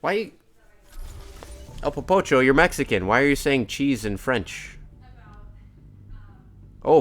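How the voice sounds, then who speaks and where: A man's voice: mid-range voice, a bit bright. A man casually commenting on his own racing game during a live stream, chatting to his cat and to himself. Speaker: gaming streamer.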